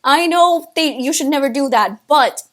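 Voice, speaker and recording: A woman's voice: high-pitched, animated, normal speed, fairly bright tone. A young woman co-hosting a podcast, chatting casually in a playful, dramatic way with frequent laughter. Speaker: podcast co-host. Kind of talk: casual chat.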